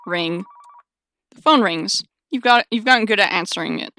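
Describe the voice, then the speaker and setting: Chatty woman streamer, bright crisp voice. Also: medium pitch, normal speed, no echo. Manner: wry, chatty, sarcastic asides. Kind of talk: reading a visual novel aloud.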